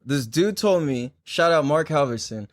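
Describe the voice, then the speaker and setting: A man's voice: fairly high pitch, normal speed, no echo, clean studio sound. A young man hosting a podcast, chatting casually and telling stories full of swearing and filler words. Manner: profane, animated storytelling with many "like"s. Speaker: podcast host. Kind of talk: casual chat.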